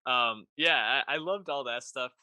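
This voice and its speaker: A man's voice: mid-range voice, measured pace, sharp tone, no room sound. A man co-hosting a podcast, talking about a film with enthusiasm and casual swearing. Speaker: podcast co-host. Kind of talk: casual film review chat.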